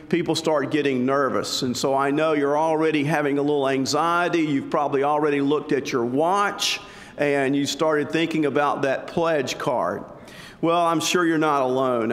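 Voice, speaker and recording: A man preaching a sermon as pastor, conversational and telling jokes, in a church sanctuary. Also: mid-range voice. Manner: conversational, joking storytelling. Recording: long church reverb.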